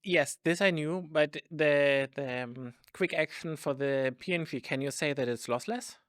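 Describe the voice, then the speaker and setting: A man's voice: on the high side, unhurried, no echo, studio quality. A man co-hosting a casual tech podcast, chatty and filler-heavy, leaning on "like" as he talks. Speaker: podcast co-host. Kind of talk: casual chat.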